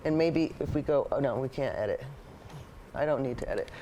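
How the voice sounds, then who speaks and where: A woman with a very deep, mellow voice talks fairly quickly, with a slight hiss or hum in the background. She's a painting show host and art teacher leading a live lesson, chatting eagerly and thinking out loud while she paints.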